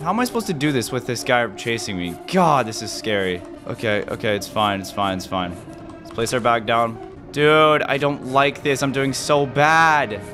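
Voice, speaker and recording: A man giving casual gameplay commentary, jumpy and excitable, yelping and muttering to himself. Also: medium pitch, moderate pace, over music. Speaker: gaming video host.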